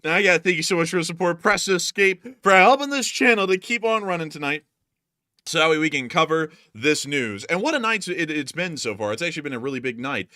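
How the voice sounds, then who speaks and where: A man's voice: fairly high pitch, lively intonation, fairly quick, pushed and bright, no echo, clean studio sound. A man with a Southern US accent hosting a casual war news livestream, folksy and rambling, repeating his thanks to supporters.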